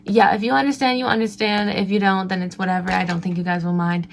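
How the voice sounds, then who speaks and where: A woman's voice: medium pitch, level tone, quick pace, vocal fry, slight background noise. A young woman vlogger chatting casually with a slight lisp, talking carefully while she heals from having her wisdom teeth out. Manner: slight lisp from healing mouth. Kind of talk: casual chat.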